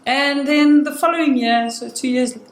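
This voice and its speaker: A woman's voice: sits high, normal speed. A young woman telling a personal story in casual conversation. She retells it with energy and acts out the quoted dialogue. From South Africa. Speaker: guest sharing a personal story. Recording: roomy indoor sound with faint noise.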